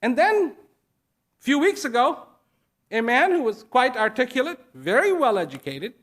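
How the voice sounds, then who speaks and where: A man giving a speech to an audience, slow and deliberate, pausing between short phrases and repeating key words for emphasis. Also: very high voice, big pitch swings, a bit bright. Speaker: invited speaker. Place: event at a large international venue.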